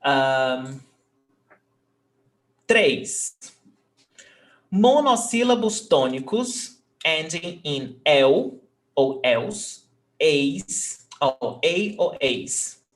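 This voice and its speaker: A man with a Brazilian Portuguese accent teaches a live online class. He talks slowly in a slightly raised voice, repeats example sentences, and keeps checking that his students follow. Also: on the high side, expressive. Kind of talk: live online language lesson.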